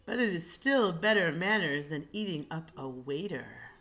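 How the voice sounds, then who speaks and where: A woman's voice: low voice, expressive. A woman voicing a greedy young storybook lion. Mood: pleased. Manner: loud, drawn-out exclamations. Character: young male lion, hungry, greedy, polite.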